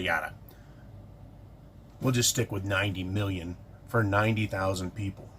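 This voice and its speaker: A man's voice: on the low side, pushed and bright, a little hiss or hum. A middle-aged man ranting in an indignant, sarcastic vlog monologue about politics. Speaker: political commentator.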